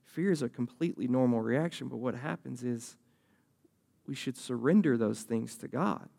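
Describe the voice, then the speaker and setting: A man's voice: mid-range voice, normal speed, vocal fry, warm tone. A young man preaching a sermon as a youth pastor, talking conversationally and acting out voices from the story.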